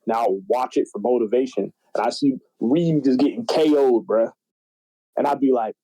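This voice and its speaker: A young man in casual podcast chat, telling stories in an animated, slangy, profane way. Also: mid-range voice, normal speed, low-quality recording. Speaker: podcast guest.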